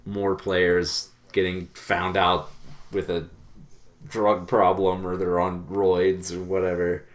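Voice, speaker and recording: A man's voice: sits low, completely flat delivery, slow pace. A man co-hosting a casual podcast, joking in a dry, sarcastic way. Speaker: podcast co-host. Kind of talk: casual chat.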